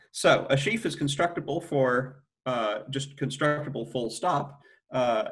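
A man's voice: mid-range voice, a bit bright. A middle-aged man giving an academic mathematics lecture, thinking aloud with frequent restarts and self-corrections.

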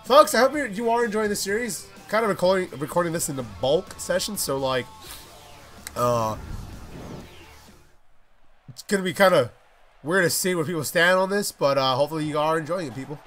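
Loud cursing young man, game commentary. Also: a little high. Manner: swears constantly, swings from mumbling asides to shouting at the game. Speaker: gaming YouTuber. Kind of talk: let's play commentary.

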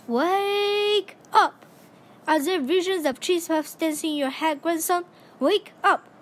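A woman's voice: high-pitched, expressive, moderate pace. A woman voicing a bossy, impatient old male mouse grandfather who thunders and scolds in a storybook reading. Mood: shouting.

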